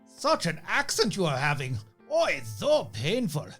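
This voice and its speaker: An actor playing an eccentric, playful German mad scientist with a put-on German accent and broken grammar. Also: male voice, fairly high pitch, huge pitch swings, a little slow, a bit bright, breathy edge, faint music behind, full character voice. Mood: jovial. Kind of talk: comedic audio drama.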